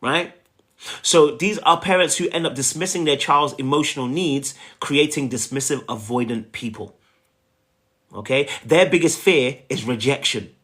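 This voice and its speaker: A man's voice: mid-range voice, normal speed, a bit bright. A man giving a relationship coaching talk, emphatic and repetitive, often checking in with "okay?" and "right?".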